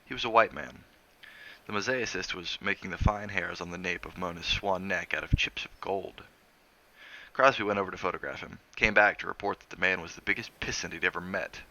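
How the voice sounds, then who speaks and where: A man reads a novel aloud in a steady, measured way. His voice sits very low with a gravelly fry, yet it comes through bright and forceful. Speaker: reader of a novel on a stream.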